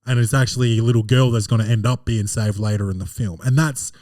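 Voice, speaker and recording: Male podcast host, mid-pitched, dry close sound, animated and profane comic recap. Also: fast, dry recording. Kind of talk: comedic film recap.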